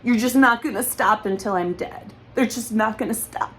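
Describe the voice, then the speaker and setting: A woman's voice: fairly high pitch, animated, normal speed, hardly any pauses, poor audio. A woman speaking in an emotional personal monologue, accusatory and repetitive, holding back tears. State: close to crying.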